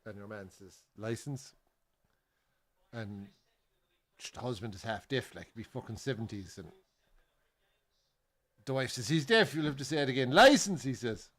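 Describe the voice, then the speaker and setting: A man's voice: medium pitch, moderate pace, pauses often, fairly bright tone. Irish man swearing through pub banter. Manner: swears freely, tells jokes with voiced characters. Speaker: co-host. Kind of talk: casual pub chat and football commentary. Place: bar during a live match.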